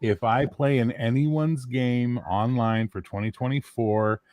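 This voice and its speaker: A man's voice: medium pitch, steady tone, unhurried, a little mellow, no room sound. A man joking and teasing his friends in a casual group chat.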